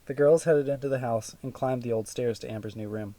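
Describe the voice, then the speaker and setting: A man reading a children's audiobook aloud in a steady, even storytelling manner. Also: medium pitch, fairly quick, dry recording. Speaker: audiobook narrator. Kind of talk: scripted narration.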